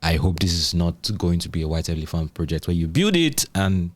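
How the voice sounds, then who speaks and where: A man's voice: low-pitched, very animated, fairly quick, dry recording. A man hosting a tech podcast, asking questions in a casual, playful conversational way. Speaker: podcast host.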